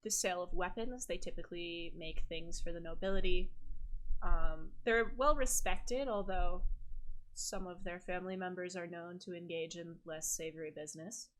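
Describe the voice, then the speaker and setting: A woman's voice: fairly low pitch, normal speed, slight background noise. A woman narrating a tabletop game as game master, casual and chatty.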